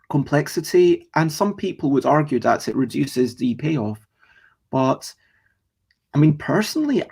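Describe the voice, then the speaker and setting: This streamer and host has a somewhat high voice that's creaky and a little mellow. On his relaxed live stream, he chats loosely about board games while saying hello to people in the chat.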